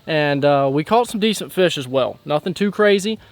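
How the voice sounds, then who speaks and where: A young man hosting a casual fishing vlog outdoors from a lake bank, excitable and hyped up when he hooks fish. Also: on the high side, normal speed, no room sound. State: out of breath. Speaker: fishing channel host.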